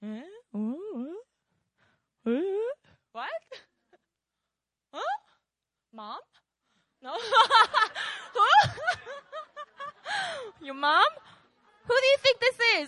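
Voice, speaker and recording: This woman preacher, from outside America, talks extremely slowly with long pauses, her very high, sing-song voice bright and forceful. Her sermon to a young congregation is casual and conversational, peppered with quizzing "right?" checks, and the recording carries no room sound.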